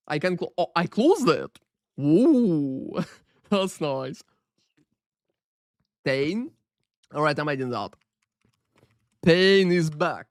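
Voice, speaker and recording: In Paris, a man hosts a game live stream, taking it slowly with long pauses in a fairly high, sing-song voice. He chats profanely and ramblingly with viewers, heavy on fillers and greeting them by name, over clean studio sound with no echo.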